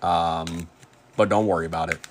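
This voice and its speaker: Male card-break host, lower pitch, relaxed chatty delivery with quick name rundowns. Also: a little hiss or hum. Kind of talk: casual live card-break commentary.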